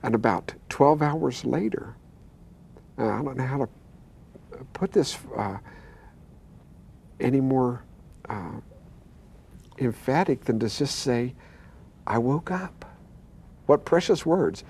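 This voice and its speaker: A man's voice: medium pitch, expressive, slow pace, creaky, long pauses, darkish tone, slightly rough. An older man, a pastor, telling his own healing story earnestly, acting out the voices he quotes and stammering now and then. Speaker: pastor and guest. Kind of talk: telling a personal testimony.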